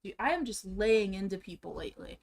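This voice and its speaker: A woman's voice: medium pitch, lively intonation, a little fast, creaky. A young woman streamer ranting in a casual, profane, exasperated way, repeating herself as she talks from a room at home. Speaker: streamer reacting to drama videos.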